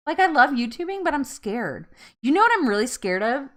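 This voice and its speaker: A woman's voice: a little high, big pitch swings, a little fast, a bit bright. A woman hosting a casual live-stream chat with viewers, chatty and rambling, often laughing at herself.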